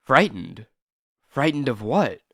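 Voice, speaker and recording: A man's voice: mid-range voice, sing-song, slow, creaky, dry recording, studio quality, heavily acted. A man voicing a plucky teenage boy sidekick who talks in eager, jittery slang. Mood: uneasy.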